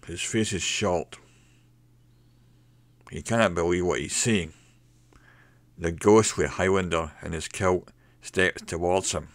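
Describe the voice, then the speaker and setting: A man narrating a mystery story in a slow, measured way. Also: sits low, no echo.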